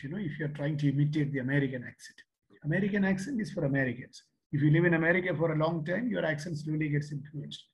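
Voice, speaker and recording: An older man with a Kerala Malayali accent in his English gives a motivational talk to youth. His voice sits fairly high for a man. He speaks in a storytelling way, repeating phrases and tossing in a questioning "huh?". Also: a little mellow, low-quality recording. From Kerala, India. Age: 60s. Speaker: seminar speaker.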